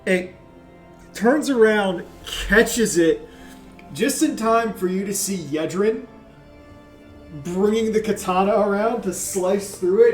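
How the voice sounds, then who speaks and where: A man narrating as game master in a tabletop game, unhurried and filling gaps with "like". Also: sits high, roomy sound, soft background music. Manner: unhurried, with frequent "like" and trailing pauses.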